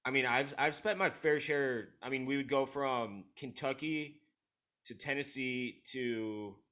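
A man's voice: medium pitch, measured pace, sharp tone. A man who played college baseball, chatting candidly and a bit ramblingly, with some swearing. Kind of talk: casual chat.

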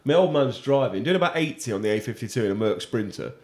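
Lively, laughing podcast host. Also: male voice, mid-range voice, fast. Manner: animated, laughs a lot, swears casually. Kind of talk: casual chat.

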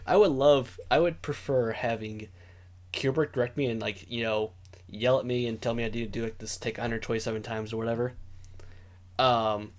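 A man co-hosting a podcast in casual chat, rambling with lots of fillers and animated asides. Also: medium pitch, normal speed. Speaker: podcast co-host.

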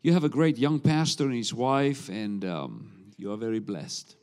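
South African preacher in a reverberant hall. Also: male voice, medium pitch, lively intonation, slight background noise. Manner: warm-up banter, humorous, unhurried. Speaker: visiting preacher. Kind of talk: sermon.

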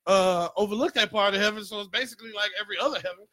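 A man's voice: high voice, very fast, pushed and bright. A man co-hosting a comedy podcast, cracking profane jokes and roasting in casual banter. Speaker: podcast co-host.

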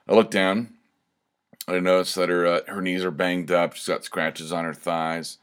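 A man's voice: deep voice, little pitch movement, moderate pace, fairly bright tone, smooth. A man telling a long personal anecdote in a loose, conversational way, full of asides and fillers. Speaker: storyteller. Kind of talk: casual anecdote storytelling.

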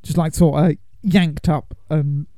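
Gravelly, dark-voiced man chatting. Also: on the high side, steady tone, measured pace, no echo. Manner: playful, slips into silly put-on voices. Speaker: podcast co-host. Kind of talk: casual film recap chat.

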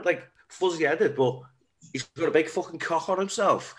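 A man's voice: on the high side, normal speed. A young man chatting bluntly and crudely about pranks on a friend. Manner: blunt, crude, laughs along. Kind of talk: casual chat.

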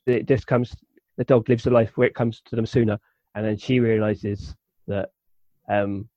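Male podcast co-host, halting delivery, dull lo-fi mic. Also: fairly low pitch, fairly even intonation, dark tone, no echo. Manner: halting, searches for words. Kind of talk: casual podcast chat.

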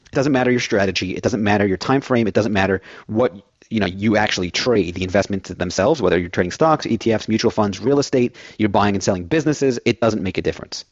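A man's voice: lowish voice, fast, no echo, dull audio. A man filling in as host of a financial radio show, rambling through everyday analogies.

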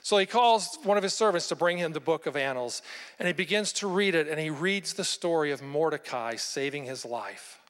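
A pastor delivers a sermon at a moderate pace, retelling a scripture story with animated storytelling and frequent rhetorical questions. His voice sits slightly high for a man and carries a long reverb, as in a large hall.

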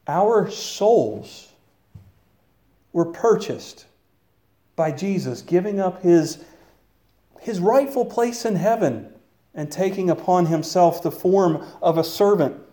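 High-voiced man preaching a sermon. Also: mellow. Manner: earnest, rising into exclamations. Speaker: pastor.

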